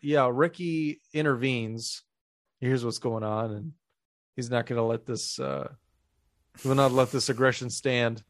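A man's voice: mid-range voice, fairly even intonation, unhurried, no echo, studio quality. A man hosting a podcast, casually and crudely retelling a film's plot with jokes. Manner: crude, joking plot recaps. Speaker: podcast host.

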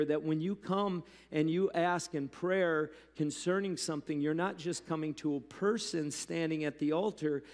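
A man preaching a sermon as pastor, talking to the congregation in a loose, animated way with asides. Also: fairly high pitch. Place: church hall. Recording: long hall reverb.

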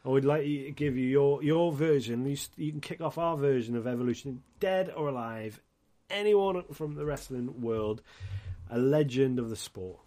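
A man's voice: mid-range voice, moderate pace, mellow. A man hosting a podcast in casual chat, rambling, swearing and laughing often. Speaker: podcast host.

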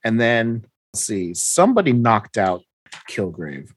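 A man's voice: lowish voice, very animated, a little slow, slight background noise. A man in casual chat, animatedly recapping a comic book plot, acting out the characters' lines and laughing often.

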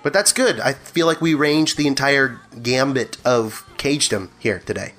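A man's voice: mid-range voice, moderate pace, a bit bright, faint music behind. A man co-hosting a casual film-review podcast, bantering in a joking, upbeat way. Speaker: podcast co-host.

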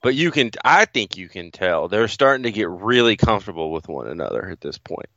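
Lowish voiced guy on a podcast, deadpan crude jokes, kinda dull dry audio. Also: fairly quick, no room sound. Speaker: podcast co-host. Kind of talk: casual podcast chat.

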